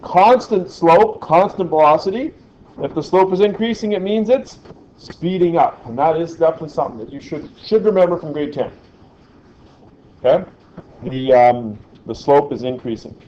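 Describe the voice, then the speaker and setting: A man's voice: a little high, animated, moderate pace, dark tone, highs cut off, a little hiss or hum. Man teaching a physics class. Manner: chatty, asks the class questions. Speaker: science teacher.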